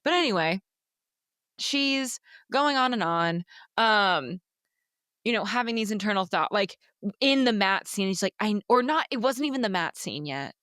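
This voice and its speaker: A woman's voice: medium pitch, animated, normal speed, fairly bright tone, no echo, clean studio sound. A woman co-hosting a casual book podcast, talking animatedly, swearing freely and acting out characters' lines. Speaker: podcast co-host.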